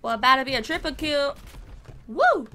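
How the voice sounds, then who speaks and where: A woman's voice: sits high, lively intonation, measured pace, pushed and bright. A woman giving casual, chatty commentary while playing a video game, cheering on her team. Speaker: gaming video creator.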